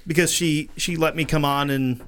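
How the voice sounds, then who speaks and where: A man hosts a casual podcast with a bright, forward voice that sits a little high. He swears freely and rambles through his thoughts, laughing along the way. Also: steady tone, normal speed, smooth. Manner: profane, rambling, laughs often. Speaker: podcast host.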